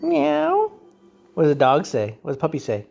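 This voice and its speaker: A man's voice: medium pitch, rapid-fire, a little mellow, husky, soft background music. A young man, a parent at home, playfully coaxing a toddler with sing-song questions in a home video.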